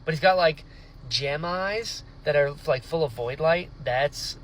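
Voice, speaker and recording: A man talking casually in a book reaction vlog, with animated, emotional reactions and casual swearing. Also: on the high side, measured pace, slight background noise, low-quality recording. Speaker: book reviewer.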